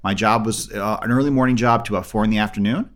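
Fast-talking man telling a story. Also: lowish voice. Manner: animated, acts out the people he quotes. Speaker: comedy magician, interview guest. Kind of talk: casual storytelling in an interview.

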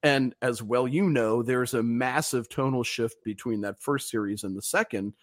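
A man's voice: medium pitch, normal speed. A man from Virginia hosting an interview, speaking earnestly and enthusiastically. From Virginia, USA. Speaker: podcast host. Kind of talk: interview chat.

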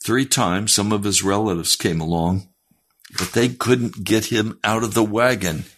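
A man's voice: fairly low pitch, measured pace, fairly bright tone. A male preacher retelling a first-person story in his sermon, emphatic and challenging his listeners directly.

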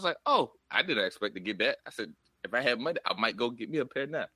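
A man's voice: medium pitch, lively intonation, fast talker, bright, forceful tone, no echo, clean studio sound. A man in casual chat with friends, telling a story in a loose, rambling way.

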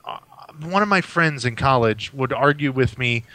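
Blunt podcast guy, bright voice, dry close sound, swears a bit. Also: medium pitch, expressive, normal speed, no echo, low-quality recording. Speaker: podcast co-host. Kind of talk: casual chat.

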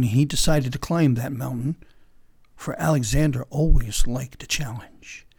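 A man's voice: medium pitch, slightly rough, no echo. Dramatic male storyteller. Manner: dramatic pauses, swings between whispers and loud emphasis. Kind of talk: oral storytelling.

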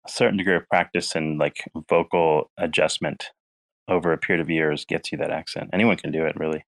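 Low-voiced man, offhand and joking. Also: fairly even intonation, fairly quick, vocal fry. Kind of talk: casual chat on a group voice call.

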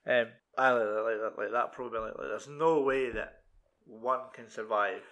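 A Scottish man with a bright, forward voice in a casual film chat. He talks in halting bursts full of fillers and swearing. His pitch sits in the middle range. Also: steady tone.

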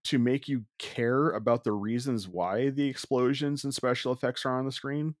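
A man's voice: medium pitch, steady tone, dry recording, studio quality. A man co-hosting a casual movie review podcast, talking candidly with frequent restarts. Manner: halting, lots of restarts and fillers, candid. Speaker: podcast co-host.

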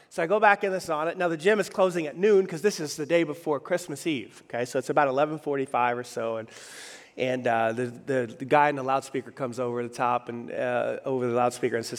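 A middle-aged man, a pastor, telling a funny personal story in a sermon, animated and conversational, often asking the audience questions. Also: mid-range voice, quick pace. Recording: reverberant hall.

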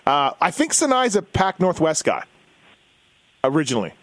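A man's voice: on the high side, huge pitch swings, moderate pace, a bit bright, no room sound. A man co-hosting a casual motorsports podcast, telling a long rambling story and acting out what people said. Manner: rambling storyteller, acts out quotes. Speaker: podcast co-host. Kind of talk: casual chat.

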